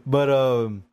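A man's voice: mid-range voice, a little mellow, no echo. A man hosting a podcast in casual chat, rambling and laughing as he talks. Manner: rambling, laughing film talk. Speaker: podcast host.

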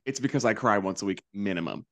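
A man's voice: on the low side, quick pace. A man co-hosting a podcast with sassy, campy banter in casual chat. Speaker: podcast co-host.

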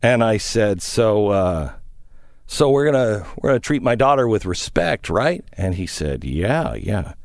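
A man's voice: on the low side, unhurried, vocal fry, dry recording, clean studio sound. A middle-aged man hosting a talk show, telling a story and acting out the people in it. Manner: animated storyteller, acts out the people in his story. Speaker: radio talk show host. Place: studio away from home.

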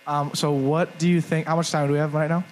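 A man's voice: a little high, flat delivery, quick pace, a little hiss or hum, low-quality recording. A young man co-hosting a live podcast show on stage, telling a rambling, self-mocking story and acting out the quotes. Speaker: podcast co-host. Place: live stage before a crowd.

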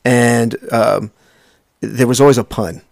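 A man's voice: medium pitch, fairly even intonation, slow pace, creaky, a little mellow, dry recording, studio quality. Rambling middle-aged male podcast host. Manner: rambling, with many fillers and restarts. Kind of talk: casual nostalgic chat.

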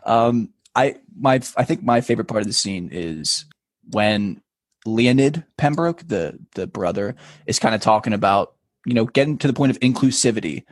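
A man's voice: lowish voice, animated, normal speed, dry recording. A man co-hosting a casual podcast, chatting about a show with lots of "like" and "kinda". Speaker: podcast co-host. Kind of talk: casual chat.

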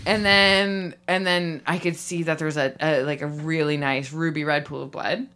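A woman's voice: low voice, fairly even intonation, moderate pace, fairly bright tone. A woman improvising a comic story, rambling and bubbly, laughing often and filling her talk with likes. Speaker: improv comedy guest.

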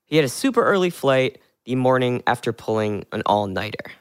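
A man's voice: medium pitch, big pitch swings, brisk, slight background noise. A male host giving a scripted introduction with dry, joking asides.

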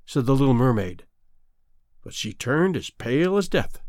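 A man narrating a fairy tale aloud in an expressive, measured storytelling manner. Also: mid-range voice, dry recording, clean studio sound. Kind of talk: storybook reading.

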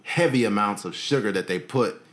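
A man's voice: fairly low pitch, normal speed, a bit bright. A man co-hosting a casual podcast, talking in a laid-back, easygoing way, swearing casually and laughing often. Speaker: podcast co-host. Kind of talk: casual chat.

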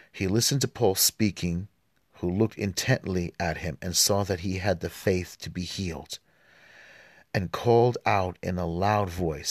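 Reading the Mass prayers and scripture aloud, this podcast host has a low-pitched voice. He fills the gaps between readings with easygoing, filler-heavy asides. The recording is dry, with clean studio sound.

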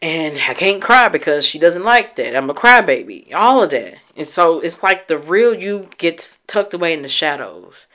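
A woman's voice: lowish voice, lively intonation, normal speed, few pauses, bright, forceful tone. Candid, teary woman vlogging to camera. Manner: candid, emotional, speaks straight to her viewers. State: teary from recent crying. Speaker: vlogger sharing her healing journey. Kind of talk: casual heartfelt talk to camera.

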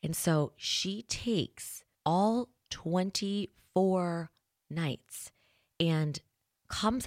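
A woman's voice: fairly low pitch, dry recording. Woman, 30s, morning host, dry studio sound, chatty and self-deprecating. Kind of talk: casual chat. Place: her studio.

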